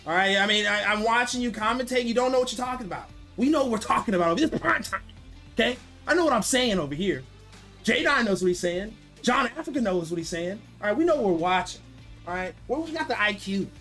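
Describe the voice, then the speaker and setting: Male esports host, sharp high voice, excitable and brash, faint music bed. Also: quick pace. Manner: excitable, repetitive, brash trash talk. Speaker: esports fight commentator and show host. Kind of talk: post-fight commentary.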